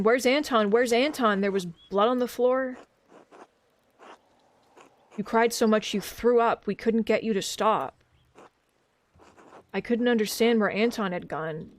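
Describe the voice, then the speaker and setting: Woman reading a gentle grown daughter looking after her old dad, soft and reassuring. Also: mid-range voice, natural voice. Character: caring adult daughter, protective of her father.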